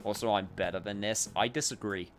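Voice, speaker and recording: A man's voice: on the low side, brisk. A man casually commenting on a game stream, joking and self-mocking. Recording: game music playing behind.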